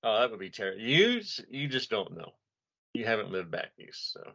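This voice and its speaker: A man from the US East Coast chats bluntly and profanely as a podcast co-host. His voice is bright and forceful, sitting a bit low. The recording sounds dull and lo-fi. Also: big pitch swings, brisk, vocal fry. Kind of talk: casual chat.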